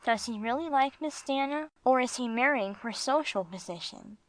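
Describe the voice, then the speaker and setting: A woman's voice: high-pitched, animated, normal speed, slight background noise, voice pushed up. A woman voicing a polite, curious male dog who asks many well-mannered questions in an audiobook. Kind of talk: audiobook character voice.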